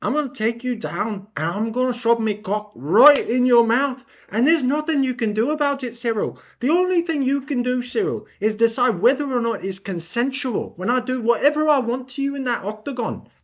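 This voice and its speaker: Guy doing a trash-talking english brawler, way higher than his normal voice, mocking. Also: lively intonation, normal speed, hardly any pauses, highs cut off. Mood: taunting. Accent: put-on English. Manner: taunting, exaggerated. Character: brash British heavyweight fighter, crude trash talk.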